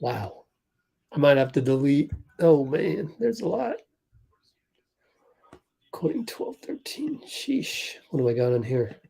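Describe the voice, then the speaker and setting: A young man hosting a casual sports livestream, thinking aloud and calling plays in quick bursts while chatting with viewers. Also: mid-range voice, very animated, vocal fry, mellow. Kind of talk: casual live game commentary and chat.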